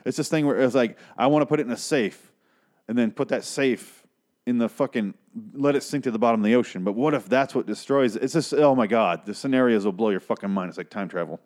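A young man recapping a TV episode in a casual, rambling way. He swears freely, gets excitable and loses his train of thought. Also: mid-range voice, fast talker. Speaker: podcast host recapping an episode.

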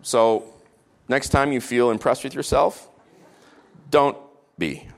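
A man preaching a sermon, reading scripture with rising emphasis and dropping into casual, quiet asides. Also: medium pitch, takes it slowly, vocal fry. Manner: casual asides with fillers between solemn readings.

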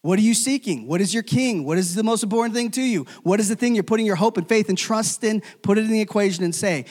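A man preaching to a morning congregation, his voice sitting a little high for a man. He drives his points with loud emphatic calls, then sinks to hushed, almost whispered endings. The sound carries a long reverb, as in a church hall. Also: fast, few pauses. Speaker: pastor. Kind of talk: sermon.

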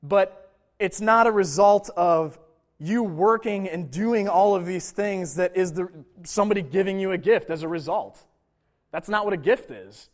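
Conversational male pastor, slightly high voice. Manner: conversational preaching with asides and quick impressions. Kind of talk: sermon.

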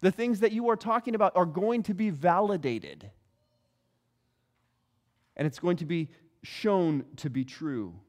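A middle-aged man preaching a sermon, telling stories with animated delivery and acting out the voices of others. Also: high-pitched, a little slow, long pauses. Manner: animated storytelling, acts out quoted voices. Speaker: pastor.

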